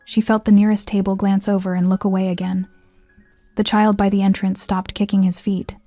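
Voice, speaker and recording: A woman giving a measured, scripted narration of a story. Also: mid-range voice, no echo. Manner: measured, even reading. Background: faint music.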